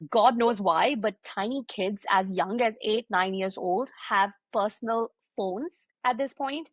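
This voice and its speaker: A woman in her thirties from India, co-hosting a parenting podcast and telling stories in a quick, animated way. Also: mid-range voice, no echo. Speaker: podcast co-host, pediatric sleep consultant. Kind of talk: casual podcast chat.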